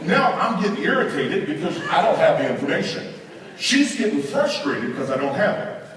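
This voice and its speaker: Animated man telling stories in an echoey hall. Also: sits high, moderate pace, background noise. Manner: animated, addresses audience with asides. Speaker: conference speaker. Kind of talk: humorous storytelling to a live audience. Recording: echoey hall, miked from a distance.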